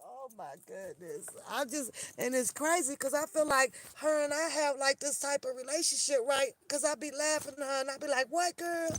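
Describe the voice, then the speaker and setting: A woman's voice: high-pitched, fairly even intonation, fairly quick, hardly any pauses, fairly bright tone. A woman vlogging from her car on a phone, ranting in an exasperated, laughing way and swearing freely. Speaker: vlogger talking to her viewers. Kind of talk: animated casual rant to camera. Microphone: phone camera.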